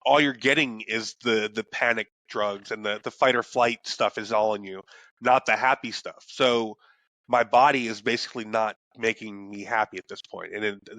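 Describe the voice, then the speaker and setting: A man's voice: lowish voice, steady tone, moderate pace, fairly bright tone, dry recording. A young adult man co-hosting a podcast, talking in a loose, rambling way, cursing freely and restarting his sentences. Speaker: podcast co-host. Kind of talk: casual chat.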